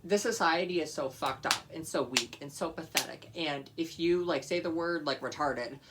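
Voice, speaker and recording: A man's voice: a little high, moderate pace, heavy background noise. A man vlogger giving blunt, matter-of-fact opinions to camera, with some profanity.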